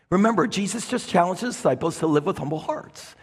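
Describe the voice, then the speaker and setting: A man's voice: high voice, animated, fast talker, few pauses, breathy edge. A man preaching a sermon as a pastor, dramatic, crying out quoted lines at full voice. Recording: long hall reverb.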